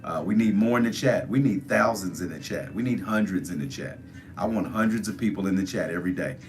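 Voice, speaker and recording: Deep-voiced man coaxing livestream viewers. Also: fairly quick, faint music behind. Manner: coaxing, repetitive, urging viewers to join chat. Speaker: livestream host. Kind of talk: casual livestream chat.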